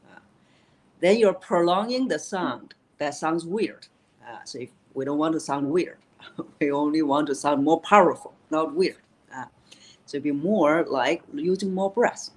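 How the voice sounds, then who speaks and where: A woman's voice: sits low, normal speed, a little mellow, poor audio. A woman voice coach explaining vocal technique in an interview, with many "uh" fillers and key phrases repeated.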